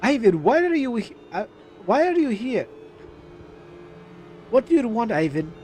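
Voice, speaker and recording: A man voicing an angry young mother in a horror game, reading her lines sharp and defiant. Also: high-pitched, lively intonation, moderate pace, slight background noise, pitched above the performer's own voice. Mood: hostile. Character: angry young woman, a fierce protective mother.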